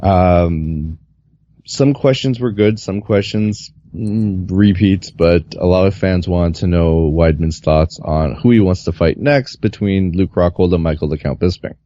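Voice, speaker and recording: A man recounting his experience as a reporter in a casual podcast chat, relaxed and rambling with lots of fillers. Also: low voice, unhurried, dry recording. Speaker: guest reporter. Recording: muffled, dull lo-fi audio.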